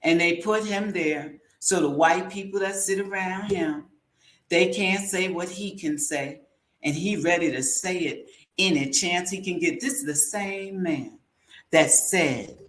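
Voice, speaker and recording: Brief: woman host, slow-paced heated commentary, roomy echo. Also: lowish voice. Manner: blunt, heated and slangy. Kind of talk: opinionated commentary monologue. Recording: echoey room.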